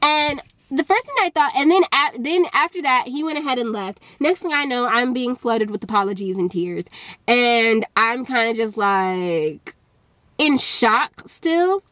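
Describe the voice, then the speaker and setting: A woman from Alabama telling a personal story on her vlog, animated and full of filler words. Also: fairly high pitch, measured pace, dry recording. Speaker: vlogger.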